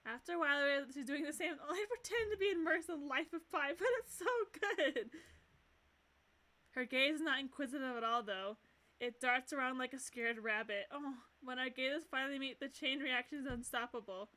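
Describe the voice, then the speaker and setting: A woman streamer reading a visual novel aloud and gushing excitedly between lines, often giggling. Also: high voice, moderate pace.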